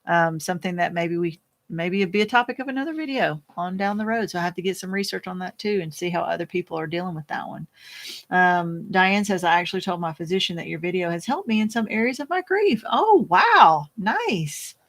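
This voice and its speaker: A woman hosting a casual live chat, reading viewer comments aloud and answering them in a rambling, fast-talking way with frequent laughs. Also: on the low side, animated, fairly bright tone. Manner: chatty and rambling, laughs often, many restarts; talks fast by habit. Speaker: host.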